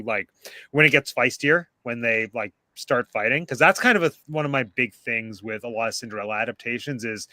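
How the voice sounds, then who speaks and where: A man leads a relaxed group conversation about a film over a video call. His voice has a bright, forward edge and sounds close and dry, with no room around it. He talks easily, with plenty of filler words. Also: mid-range voice, no echo. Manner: chatty, relaxed, hedges with "like" and "um". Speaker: host of a movie discussion. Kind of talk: casual group chat on a live video call.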